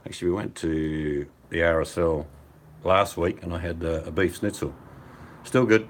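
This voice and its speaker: This older Australian bloke rambles in relaxed banter during a casual hangout, on a phone video call over mobile data from by the fire at home. His deep voice holds a steady tone at a moderate pace, with a little hiss or hum.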